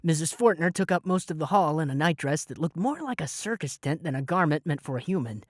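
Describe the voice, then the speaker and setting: A man's voice: fairly high pitch, fairly quick, no echo, studio quality. Dramatic young male audiobook narrator. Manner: lively, dramatic storytelling with shouted spells. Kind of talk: scripted first-person narration.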